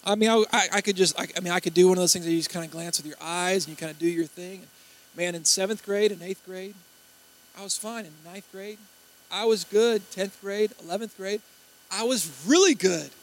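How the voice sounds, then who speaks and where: High-voiced preacher telling stories. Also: male voice, brisk, poor audio. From Baton Rouge, Louisiana. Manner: animated storytelling, acts out quotes. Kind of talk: sermon.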